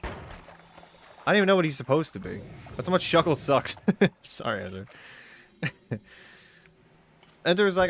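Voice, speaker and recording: A man's voice: on the high side, animated, moderate pace, long pauses, a little hiss or hum. A man streaming a game, chatting casually, joking and swearing, with sudden yelps. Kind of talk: casual gaming stream commentary.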